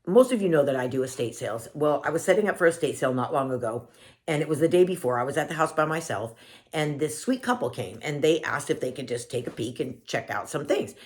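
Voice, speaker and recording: Lady vlogger, deep-ish voice, earnest heartfelt storytelling to her followers. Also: expressive, fast talker. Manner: earnest and emotional, warmly addresses viewers as family. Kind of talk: heartfelt personal storytelling to viewers.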